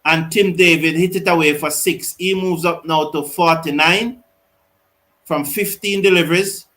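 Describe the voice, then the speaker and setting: Male host, high voice, excitable live cricket commentary and comment reading. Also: unhurried, low-quality recording. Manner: excitable, reads viewer comments aloud. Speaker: host of a cricket watch-along.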